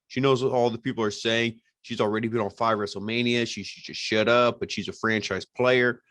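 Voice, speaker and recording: A man with a fairly low voice walks through a wrestling episode in loose, chatty commentary, dropping in "you know" again and again. The sound is dry and close, with no room around it. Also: a bit bright, no echo. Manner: conversational, many "you know" fillers. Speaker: wrestling show reviewer. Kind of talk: casual recap and commentary.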